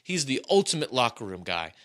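A man in his thirties riffs through a casual sports podcast monologue, rambling and jokey. His voice is bright and forceful, and it swings up and down as he gets worked up. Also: mid-range voice, sing-song, fairly quick. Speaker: podcast host.

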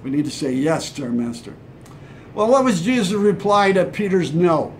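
A man's voice: sits high, lively intonation, moderate pace, a little hiss or hum. A man from Hawaii preaching a short devotional sermon in a conversational way, now and then acting out imagined replies. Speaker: pastor.

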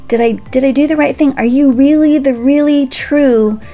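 A woman's voice: high-pitched, steady tone, normal speed, mellow, soft background music, voice pushed up, natural voice. A woman as an anxious, doubting prisoner. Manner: anxious questioning. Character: worried imprisoned man doubting himself.

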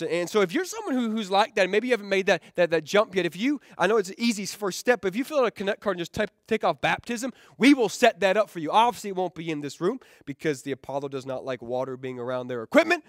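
A man's voice: high voice, expressive, quick pace, hardly any pauses, no echo, studio quality. A man preaching a sermon as pastor in a casual, conversational way, often repeating words, asking "right?" and adding jokey asides. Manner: keeps checking in with the crowd with "right?"; joking asides. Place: rented event hall used for church.

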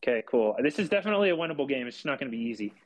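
Halting young man coaching his game team. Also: medium pitch, big pitch swings, low-quality recording. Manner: halting, full of fillers and restarts. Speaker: squadron leader and streamer. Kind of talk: casual team voice chat during a game.

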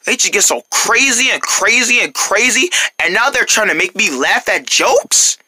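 A woman's voice: animated, normal speed, bright, forceful tone, husky, dry recording, heavily acted. A woman voicing a grumpy grown man next door who mutters and brushes off children. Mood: grumbling. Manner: low, muttering, dismissive. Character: grumpy grown-up male neighbor who wants quiet.

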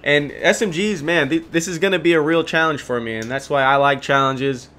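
A young man giving relaxed, chatty gameplay commentary, full of ums and self-corrections. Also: a little high, a little fast.

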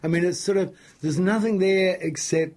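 A middle-aged New Zealander with a gravelly, husky voice tells stories as an interview guest, excitable, jokey, and rambling. His voice sits high and he speaks at a normal speed.

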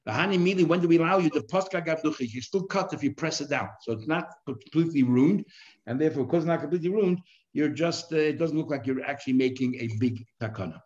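A man's voice: fairly high pitch, fast talker, darkish tone, muffled recording. A man, a rabbi, teaching a daily Talmud class, reading Aramaic phrases and explaining each one in plain English.

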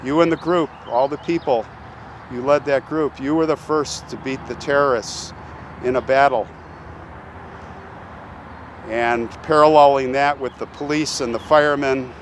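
A man's voice: medium pitch, a little hiss or hum. Earnest man speaking reverently outdoors. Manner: earnest and reverent, addressing viewers directly. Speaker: channel host visiting a grave. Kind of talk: emotional on-location vlog. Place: outdoors at a military cemetery.

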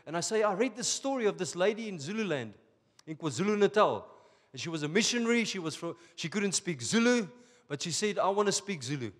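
A man's voice: high voice, a little fast. Preaching man in a reverberant hall. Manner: animated preaching, rising to emphatic bursts. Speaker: pastor. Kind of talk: sermon.

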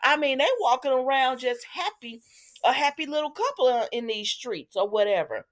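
A woman hosting a casual soap opera recap, chatting to her viewers in an animated, storytelling way. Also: sits high, moderate pace. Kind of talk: casual commentary.

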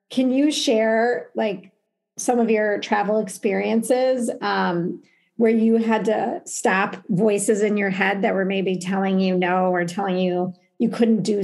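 A woman's voice: medium pitch, darkish tone. A woman co-hosting a podcast interview, asking long, friendly questions in a conversational way. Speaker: podcast co-host.

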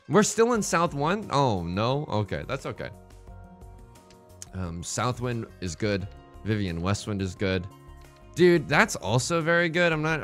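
Young guy rambling through a game, goofy asides, pitch bouncing all over, soft music under it. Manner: rambling, jokey, self-mocking, full of restarts. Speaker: let's play host. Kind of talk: casual gameplay commentary. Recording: faint music behind.

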